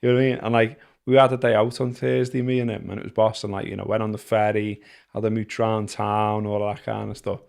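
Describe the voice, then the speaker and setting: A low, gravelly man with a Liverpool accent chats casually on a podcast. He rambles and stops often, with plenty of filler words. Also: level tone, darkish tone. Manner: rambling, halting with many fillers. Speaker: podcast co-host. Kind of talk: casual chat.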